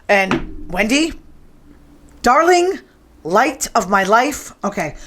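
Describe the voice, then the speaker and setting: A woman hosting a show in casual chat, sassy and quick to tease. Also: mid-range voice. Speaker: show host.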